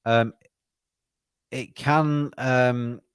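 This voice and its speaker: A man's voice: mid-range voice, fairly even intonation, extremely slow, clear, resonant tone, no echo, studio quality. A man co-hosting a podcast, talking cricket in an earnest, rambling way with frequent restarts. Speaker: podcast co-host. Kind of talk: casual cricket chat.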